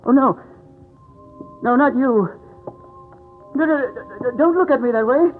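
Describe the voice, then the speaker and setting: Actor as older doctor, stammering, frightened; tinny vintage radio play. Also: male voice, a little high, steady tone, moderate pace, faint music behind, lightly acted. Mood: terrified. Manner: stammering, pleading in panic. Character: kindly older male doctor, terrified. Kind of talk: 1940s radio acting. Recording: tinny old radio broadcast.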